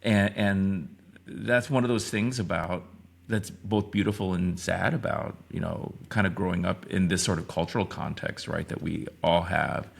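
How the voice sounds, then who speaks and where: A man's voice: sits low, moderate pace, creaky, slightly rough. A man in his fifties, a podcast guest, talking reflectively in a rambling way with many restarts. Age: 50s. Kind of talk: casual interview talk.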